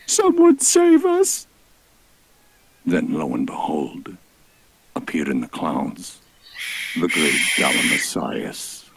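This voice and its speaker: A man with an extremely deep voice tells a comic rhyming tale. His delivery is theatrical and mock-epic, and he speaks slowly with a husky edge. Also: dry recording. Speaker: storyteller. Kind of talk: rhyming comic story narration.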